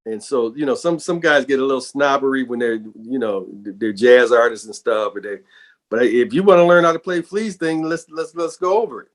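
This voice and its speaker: Animated storytelling male bassist. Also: brisk. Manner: animated, repeats words while telling stories. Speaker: bassist and guest. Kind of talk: casual interview storytelling.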